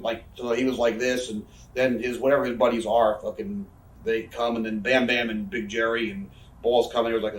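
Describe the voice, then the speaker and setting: A wrestler in his 30s, appearing as an interview guest, tells rambling, profane backstage stories in a casual chat. His medium-pitched voice sounds far from the mic in an echoey room.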